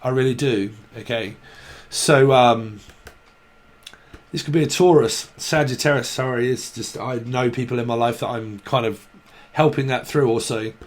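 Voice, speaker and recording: A man's voice: medium pitch, normal speed. Rambling man reading tarot. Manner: rambling, blunt, swears freely. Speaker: tarot reader. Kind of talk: casual tarot reading monologue.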